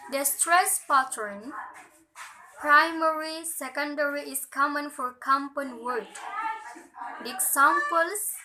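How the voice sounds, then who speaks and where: A young woman student presenting a pronunciation lesson, reading slowly and carefully and linking points with "okay" and "and then". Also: sits high, sharp tone, slight background noise, rough recording.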